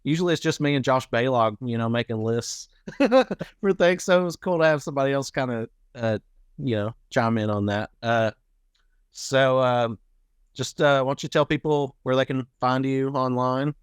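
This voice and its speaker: Smooth-voiced male podcast host. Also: mid-range voice, moderate pace, dry recording, clean studio sound. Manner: relaxed, laughs often, many fillers. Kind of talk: casual chat.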